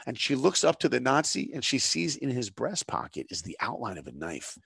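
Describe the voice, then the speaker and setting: This is a middle-aged man sharing stories as a guest in conversation. He has a gravelly, mid-range voice and speaks with earnest, preacher-like conviction, often pausing on rhetorical questions. The sound is close and dry, with no room behind it. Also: mid-range voice, big pitch swings, fairly bright tone, no echo. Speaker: guest, animation director. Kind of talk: dramatic storytelling in conversation.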